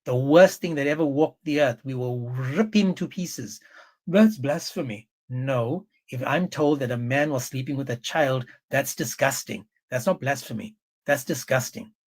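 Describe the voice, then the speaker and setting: A man hosting a livestream, talking in a forceful, scornful, repetitive way. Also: medium pitch, measured pace. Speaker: livestream host. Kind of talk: heated livestream commentary.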